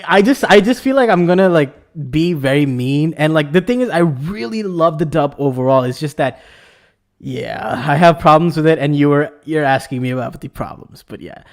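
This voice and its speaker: A man with a slightly higher voice rambles through a casual anime discussion. He gets excitable and restarts his sentences often. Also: normal speed. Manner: rambling, excitable, lots of fillers. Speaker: podcast host.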